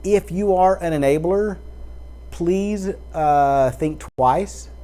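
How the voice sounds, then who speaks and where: A man with a Texas drawl rambles straight into his webcam, a casual personal monologue full of fillers and restarts. His voice sits a little higher than most men's. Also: slow pace, dark tone.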